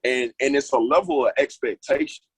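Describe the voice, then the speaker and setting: A man's voice: mid-range voice, expressive, brisk, husky, no echo, poor audio. A former linebacker in a roundtable chat, agreeing and repeating his points for emphasis.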